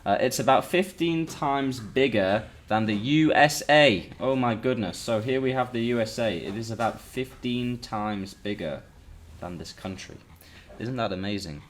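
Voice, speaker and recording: A man's voice: mid-range voice, measured pace, slight background noise. A man teaching a live online lesson, chatting with his students and greeting them by name as he explains.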